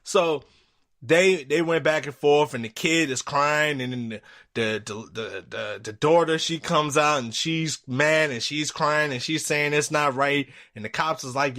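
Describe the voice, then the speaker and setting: A man hosting a podcast, telling a story in a casual, animated way and acting out the people he quotes. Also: a little slow. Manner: animated, acts out quotes with jumps in pitch, swears freely. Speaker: podcast host.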